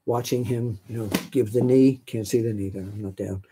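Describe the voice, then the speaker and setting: A man's voice: lowish voice, fairly even intonation, normal speed, dark tone, slight background noise. An older man from New York hosting a live stream, answering viewer questions in a chatty, rambling way with many fillers. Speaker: host.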